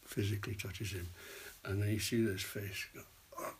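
An older man, an actor, telling rambling anecdotes in an interview and dropping into hushed asides. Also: fairly low pitch, fairly even intonation, moderate pace, slight background noise. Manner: rambling storyteller, drops to hushed whispers for asides. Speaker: actor guest.

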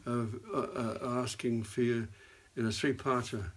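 An older man, an actor, telling rambling anecdotes in an interview and dropping into hushed asides. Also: mid-range voice, flat delivery, normal speed, slightly rough. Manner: rambling storyteller, drops to hushed whispers for asides. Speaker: actor guest.

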